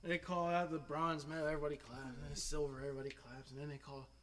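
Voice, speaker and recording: A man's voice: on the high side, fast talker, big-room sound, slight background noise. A man from Pennsylvania hosting a podcast, telling a story casually and laughing often. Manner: animated, laughs often, acts out quoted dialogue. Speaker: podcast host.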